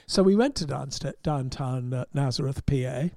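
A man's voice: mid-range voice, moderate pace, creaky, dark tone, no echo, clean studio sound. An English man, a motorsport journalist, telling wry, rambling anecdotes with restarts in casual podcast talk. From England.

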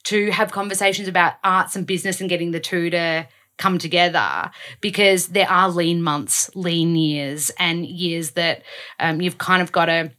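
A woman's voice: lowish voice, steady tone, normal speed, sharp tone. A woman hosting a podcast in casual, chatty, enthusiastic conversation. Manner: chatty, enthusiastic, laughing easily. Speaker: podcast host. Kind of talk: casual chat.

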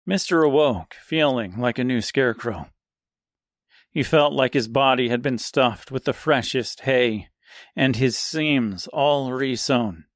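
A man reading a dark fairy-tale serial aloud in slow, measured scripted narration. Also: medium pitch, no echo, clean studio sound.

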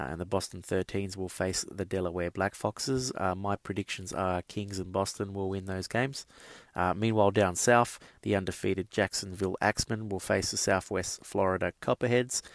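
A man's voice: deep voice, fairly even intonation, moderate pace, dry recording. A man hosting a podcast, giving a casual sports news rundown full of fillers and asides to listeners. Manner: chatty, many uh fillers, addresses listeners as guys. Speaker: podcast host.

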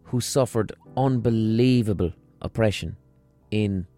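A podcast host from the south of Ireland speaks in a lowish voice with a Munster Irish accent. He delivers a blunt, emphatic monologue and swears freely. Faint music plays behind him. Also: measured pace, warm tone.

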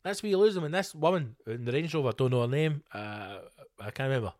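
A man's voice: mid-range voice, expressive, quick pace, darkish tone, no room sound, studio quality. A Scottish man hosting a podcast, delivering a sweary, mock-outraged comedic rant. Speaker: podcast host. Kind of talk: ranting comedic podcast monologue.

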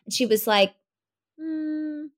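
A young woman, a podcast guest, telling her birth story in an animated way, laughing often. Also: sits high, slow pace.

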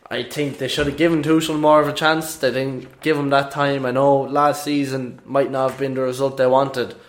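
Opinionated man talking football. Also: medium pitch. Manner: opinionated, emphatic. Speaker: podcast co-host. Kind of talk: casual football chat.

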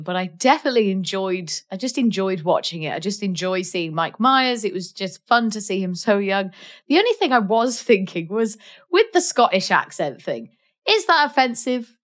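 A woman's voice: mid-range voice, very animated, normal speed. A Welsh woman co-hosting a casual film chat, chatty with many fillers and restarts. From Wales. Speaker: podcast co-host.

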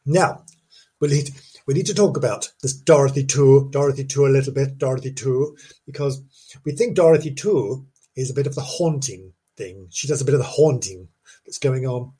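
A man's voice: mid-range voice, moderate pace, dark tone, slightly rough. A man hosting a casual solo podcast, rambling and jokey, repeating himself and chuckling at his own asides. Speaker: podcast host.

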